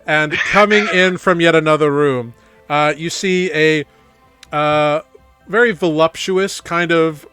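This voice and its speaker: A man's voice: on the high side, fairly bright tone, smooth. A man narrating a tabletop game as game master, casual and rambling with many fillers.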